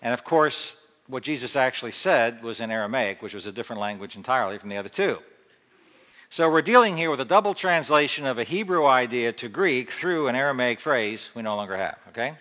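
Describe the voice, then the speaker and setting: Bright-voiced male preacher in a reverberant hall. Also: medium pitch. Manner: reads scripture with rising emphasis, then explains conversationally. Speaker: Bible teacher. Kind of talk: sermon mixing scripture reading and explanation.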